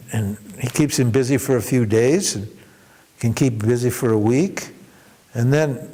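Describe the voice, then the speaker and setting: A man teaching at a spiritual workshop, telling a parable with animated delivery and frequent restarts. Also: medium pitch. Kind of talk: storytelling in a workshop talk.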